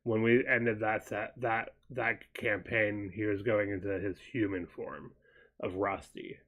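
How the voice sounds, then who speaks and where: A man co-hosting a casual chat show, wandering through his thoughts and pausing to recall details. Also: lowish voice, flat delivery, fairly bright tone. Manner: meandering, stops to recall details mid-sentence.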